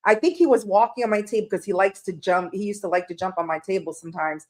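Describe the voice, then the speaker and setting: A woman's voice: medium pitch, quick pace, darkish tone. A woman hosting a tarot livestream from her room at home, tearful and emotional as she chats casually and greets viewers by name.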